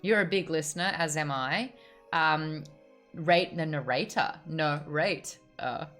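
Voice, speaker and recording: A woman's voice: low-pitched, slow, a bit bright, soft background music. An Australian woman hosting a casual book chat on a video call, bubbly and chatty. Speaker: host.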